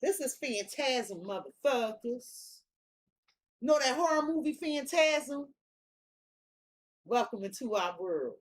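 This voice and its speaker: High-voiced woman, tarot reader, casual monologue, slangy and emphatic with lots of cursing. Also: animated, slow pace, long pauses. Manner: blunt, profane, slangy and emphatic.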